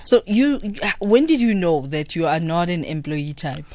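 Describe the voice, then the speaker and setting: A South African man hosting a radio interview show, chatty and easygoing, with many filler pauses. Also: fairly high pitch, big pitch swings, dark tone, a little hiss or hum. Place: radio studio.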